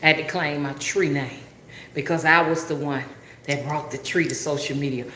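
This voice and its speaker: Low-voiced woman with an Alabama drawl. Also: fairly even intonation, normal speed, a bit bright, echoey room, a little hiss or hum. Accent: Alabama Southern drawl. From Alabama, US South. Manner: rambling, drawling, asks listeners if they understand. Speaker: spiritual rootworker livestreamer. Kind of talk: casual livestream talk.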